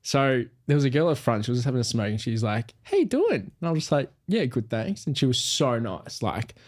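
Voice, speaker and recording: Young man, medium pitch, animated casual storytelling, swearing, podcast co-host. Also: brisk. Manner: animated, swearing, acts out quoted voices.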